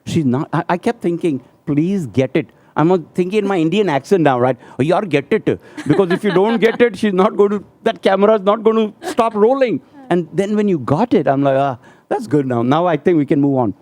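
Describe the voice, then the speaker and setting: A man hosting a radio talk show in a studio, chatty and animated as he retells scenes to his guest. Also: high-pitched, fairly quick, no room sound.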